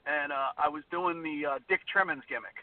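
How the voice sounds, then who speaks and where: A man calling in to a radio show, telling a long story in a loose, animated way, laughing and acting out the other people in it. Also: on the high side, brisk, no echo. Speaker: caller. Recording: tinny phone line from far off.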